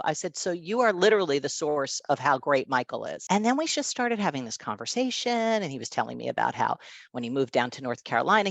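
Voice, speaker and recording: A woman's voice: very deep voice, no echo. A woman in her fifties, a guest, telling a personal story in an emphatic, conversational way and often checking in with her listener.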